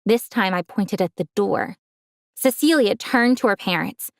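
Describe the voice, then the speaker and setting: A woman's voice: medium pitch, measured pace, creaky, no echo, studio quality. A young woman telling a dramatic first-person story, gasping now and then for effect.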